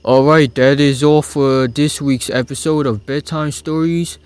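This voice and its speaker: A man hosting a bedtime-story show, reading lyrics aloud slowly and softly, with sudden high swoops on single words. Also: fairly even intonation, clear, resonant tone, dry recording. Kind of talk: slow, soft bedtime reading.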